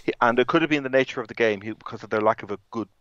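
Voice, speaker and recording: A man's voice: mid-range voice, very fast, a bit bright, dry recording, muffled recording. A man co-hosting a podcast in casual football chat, rambling with many restarts. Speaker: podcast co-host.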